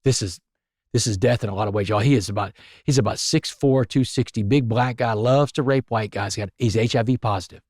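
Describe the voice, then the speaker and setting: A man with a drawl tells a story at a rapid clip, leaning on words for emphasis. His voice sits in an ordinary male range. The sound is close and dry. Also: mid-range voice, darkish tone, no echo. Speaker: podcast guest. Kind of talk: storytelling interview.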